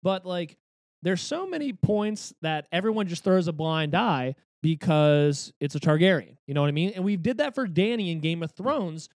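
A man co-hosting a podcast, talking in an animated, rambling way with lots of fillers. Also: high voice, moderate pace, no room sound, clean studio sound. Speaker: podcast co-host. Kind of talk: casual chat.

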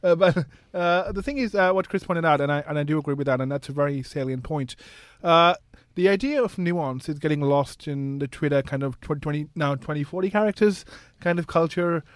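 A man's voice: a little high, fairly quick, no echo. A man on a radio panel discussion who talks reflectively and hesitantly, with many fillers.

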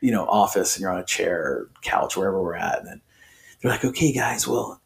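A man's voice: low voice, fairly quick, creaky. A man on a podcast telling his personal faith testimony in an earnest, conversational way, full of restarts and voiced quotes. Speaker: podcast guest.

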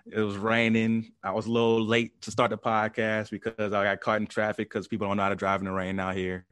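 A man hosting a sports and pop culture podcast in a relaxed, chatty way, laughing often. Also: fairly low pitch, a little fast, clear, resonant tone, no room sound. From Arizona. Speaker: podcast host. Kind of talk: casual sports podcast chat.

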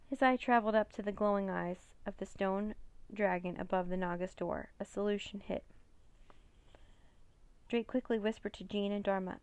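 Gravelly-voiced woman reading a storybook. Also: medium pitch, normal speed, dry recording. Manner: steady, plain reading. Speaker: narrator. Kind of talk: storybook read-aloud.

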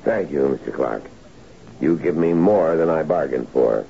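A very deep, gravelly-voiced official, gushing with flattery in an old radio drama. His pitch swings widely as he fawns. The sound is dull and lo-fi, like an old broadcast. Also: a little slow, full character voice. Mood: fawning. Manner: obsequious, gushing. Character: fawning older male official, chairman. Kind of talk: vintage radio drama acting.

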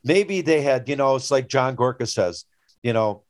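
A man's voice: mid-range voice, moderate pace, no room sound. Rambling older man. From Newfoundland, Canada. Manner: rambling storyteller, animated when retelling anecdotes. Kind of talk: casual chat.

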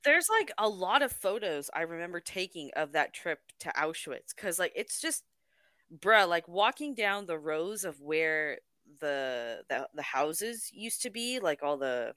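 A woman co-hosting a podcast, talking in a relaxed, conversational way with filler words. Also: lowish voice, measured pace, no echo. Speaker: podcast co-host. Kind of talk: casual chat.

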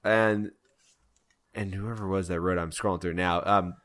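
A man's voice: low voice, fairly even intonation, moderate pace, a bit bright. A man co-hosting a podcast, talking over films in a thoughtful, hesitant way that often trails off. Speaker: podcast co-host. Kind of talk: casual film discussion.

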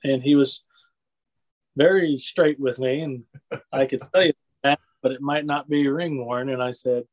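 A man's voice: mid-range voice, steady tone, unhurried, low-quality recording. A man chatting casually, rambling through wrestling memories and laughing often. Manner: rambling storyteller, laughs often, says "you know what I mean". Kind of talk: casual chat.

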